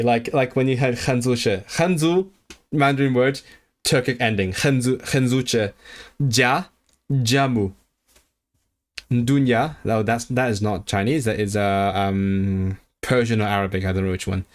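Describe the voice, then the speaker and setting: A man's voice: medium pitch, unhurried. A man studying a language on a livestream, thinking aloud and repeating foreign words to practice them. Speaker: language learner streaming. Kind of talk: casual self-study livestream.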